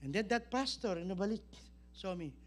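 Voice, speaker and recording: A man with a Filipino accent preaching a sermon, telling an animated story and switching voices for the people he quotes. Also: sits high, brisk. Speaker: pastor.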